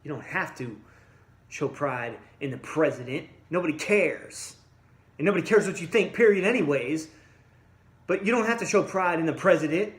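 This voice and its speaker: A man rants with blunt, combative anger, talking straight at the people he is scolding. His voice sits a bit high for a man and keeps jumping between quiet grumbling and loud outbursts. The room around him is echoey and hollow. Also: expressive, normal speed. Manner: blunt, combative, addresses listeners directly. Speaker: vlogger. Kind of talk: angry ranting monologue.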